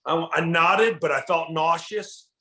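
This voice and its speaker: A man, a guest comedian, telling a story in animated, enthusiastic casual chat, often saying "dude". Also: on the high side, measured pace.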